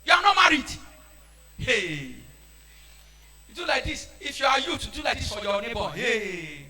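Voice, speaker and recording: A man with a Nigerian accent preaching a sermon, shouting and switching into Pidgin. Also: extremely high pitch, very animated, moderate pace.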